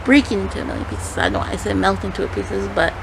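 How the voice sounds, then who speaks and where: A woman's voice: medium pitch, fast talker. A young woman talking casually and rambling through a storytime vlog, with lots of fillers and self-corrections. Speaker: vlogger. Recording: clear background noise.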